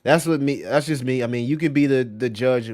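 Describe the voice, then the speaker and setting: A man's voice: medium pitch, fairly quick, darkish tone. A man hosting a crypto livestream, rambling casually in slangy speech, often saying "bro" and "right?" while answering viewer chat. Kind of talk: casual live-stream commentary.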